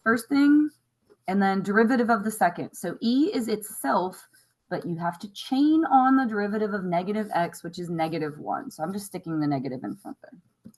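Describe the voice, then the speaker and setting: A woman teacher going over a math test on a recording, chatty and wry, thinking out loud as she works. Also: medium pitch, poor audio. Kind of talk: recorded classroom lesson review.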